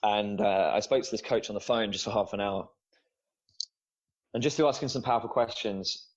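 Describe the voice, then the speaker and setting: A man's voice: fairly low pitch, moderate pace. A man who is a former teacher and now a student coach, a podcast guest telling his personal story in a candid, emotional way with some casual swearing. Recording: dull lo-fi sound.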